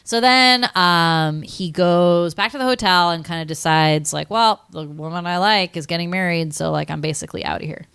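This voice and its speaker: Animated woman recapping a movie. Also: fairly low pitch, moderate pace, few pauses, clean tone. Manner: animated storytelling with many likes and acted-out quotes. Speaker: podcast co-host. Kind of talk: casual movie recap chat.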